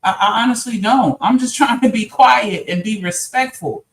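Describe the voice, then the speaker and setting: A man's voice: sits high, normal speed. A man on a live-stream panel, explaining himself earnestly and at length in casual talk. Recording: roomy echo.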